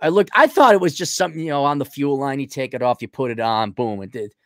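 A man's voice: medium pitch, expressive, fast talker, no room sound, clean studio sound. A man hosting a casual livestream, reading viewer donations aloud and riffing on them with sarcasm. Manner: sarcastic, rambling. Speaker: stream host reading donations.

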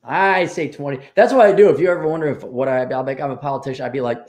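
An American man hosts a livestream, reading out paid chat messages and replying in an offhand, wry way with lively commentary. His voice is mid-range and he talks fast.

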